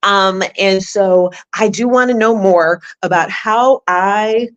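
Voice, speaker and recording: A life coach hosts a conversational interview, speaking directly to her listeners in an encouraging, reflective way. Her voice is medium in pitch and slow, and the audio sounds dull.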